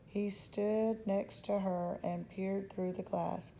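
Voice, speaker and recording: A woman reading a children's novel aloud in a gentle, unhurried storytelling voice. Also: mid-range voice, fairly even intonation, creaky, slight background noise, rough recording. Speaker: storybook reader.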